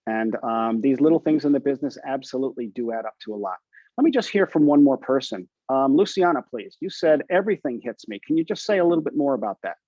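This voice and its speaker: A man's voice: mid-range voice, lively intonation, fast talker, no echo. Encouraging male coach on a group call, medium voice, dull and dry sound. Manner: encouraging, asks the group questions. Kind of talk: coaching session talk.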